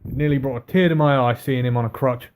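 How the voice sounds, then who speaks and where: A man in a relaxed wrestling chat speaks at a middling pitch. He keeps things light, tossing out jokes, questions and guesses about what comes next. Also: brisk. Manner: chatty, joking, asks questions and speculates. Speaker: podcast co-host. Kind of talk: casual wrestling recap chat.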